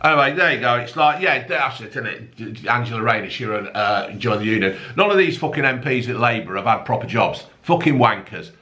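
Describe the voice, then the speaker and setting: A man's voice: medium pitch, animated, fairly quick, hardly any pauses, sharp tone. A middle-aged man with a blunt, sweary, mocking manner, rambling through the tabloid news as a comic rant. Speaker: comedic news commentator.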